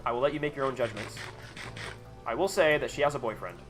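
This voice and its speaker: A man's voice: medium pitch, fast, over music. A man talking casually to his chat on a live gaming stream, rambling, sarcastic and freely profane.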